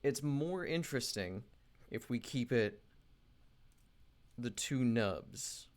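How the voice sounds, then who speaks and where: A man's voice: medium pitch, animated, slow pace. A man recording a casual work vlog, thinking aloud as he animates, rambling with frequent restarts and fillers. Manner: thinking aloud while working. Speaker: independent animation creator.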